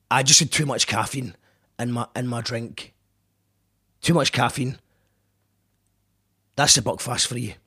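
Husky Scottish man hosting a radio show. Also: medium pitch. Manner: rambling, apologetic, joking. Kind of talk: casual self-deprecating monologue.

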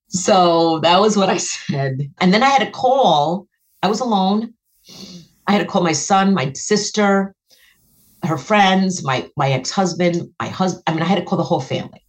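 A middle-aged woman, a guest and author, earnestly telling an emotional personal story, her voice jumping high when she relives moments. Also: lively intonation, moderate pace.

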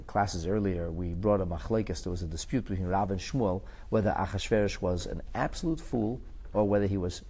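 Talmud teacher, man, lively pitch swings, restarts and repeats. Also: gravelly, husky. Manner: animated, pitch jumps high for emphasis and acted quotes; restarts and repeats words while explaining. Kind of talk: recorded Talmud class.

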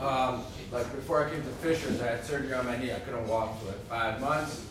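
A young man sharing a personal story in class, quiet and hesitant. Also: mid-range voice, fairly quick, crowd noise. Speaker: student. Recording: echoey room from far off, noise.

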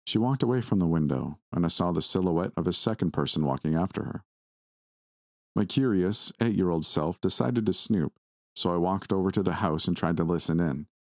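Man narrating creepy story, real low voice, dry close sound, steady pace. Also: no echo. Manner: measured, steady reading. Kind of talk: scripted first-person horror narration.

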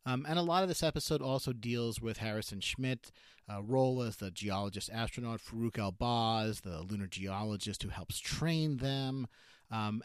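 A man with a lowish voice talks through an unscripted review, pausing on "uh" and "um" and correcting himself as he goes. The sound is close and dry, with no room around it. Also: no echo. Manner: halting, many filler words and self-corrections.

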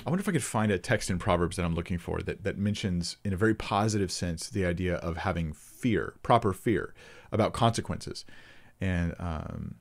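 A man with a lowish voice talks through Bible passages and viewer questions in an easygoing, off-the-cuff manner. He thinks aloud as he goes, stopping and restarting his sentences, and reads verses aloud along the way. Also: moderate pace, creaky. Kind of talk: casual unscripted Bible teaching.

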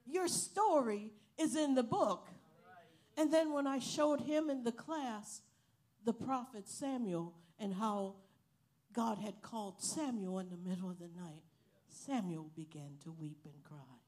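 A woman preaching a sermon, telling a story slowly and building to loud, emphatic praise. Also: medium pitch. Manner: slow, emphatic preaching that swells to loud hallelujahs. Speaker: missionary preacher and Bible college teacher.

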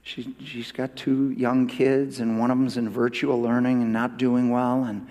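A male pastor preaching a sermon, shifting from hushed, near-whispered asides to loud, fervent declarations with repetitive, rousing phrasing. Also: medium pitch, level tone, unhurried. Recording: reverberant hall sound.

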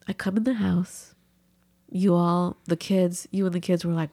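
A middle-aged woman hosting a podcast, telling a story in a casual, animated way and acting out the people she quotes. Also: normal speed, no echo. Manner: animated, acts out quotes with big pitch jumps. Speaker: podcast host.

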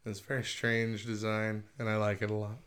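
A man's voice: lowish voice, monotone, brisk, fairly bright tone, clean tone. A man co-hosting a casual podcast chat, laughing often and reading passages aloud. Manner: chatty, laughs often, reads quotes aloud. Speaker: podcast co-host.

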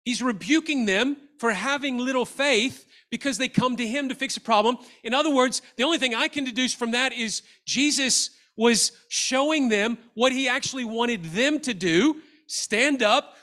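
A male pastor preaching a sermon to a church audience, animated and acting out the lines of Bible characters. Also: very high-pitched, moderate pace. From Australia. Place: church hall.

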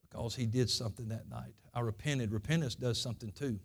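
A man's voice: mid-range voice, brisk, gravelly, husky. A man preaching a Sunday school lesson, telling his own testimony in folksy, earnest, plain country speech. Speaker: pastor.

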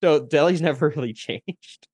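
A man chatting casually as a podcast co-host, animated and laughing often, sometimes trailing off mid-thought. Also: on the high side, normal speed, husky, dry recording. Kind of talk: casual chat.

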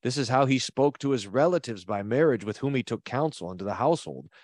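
A man's voice: mid-range voice, fast, dry recording. A man, a pastor, reads an old text aloud and stops to comment on it, leaning hard on key words. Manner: expressive reader who leans hard on key words.

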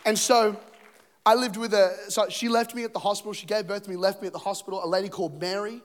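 A man in his thirties preaching a sermon, telling his story in a relaxed, chatty way full of fillers. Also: high-pitched, a faint crowd. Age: 30s. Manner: fast, casual storytelling with fillers.

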